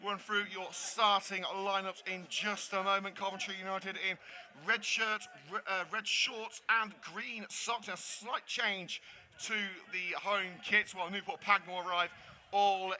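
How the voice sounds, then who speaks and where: A man giving live commentary on a football match, hurried and out of breath while he juggles several jobs. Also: sits high, flat delivery, bright, forceful tone. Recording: noisy stadium ambience.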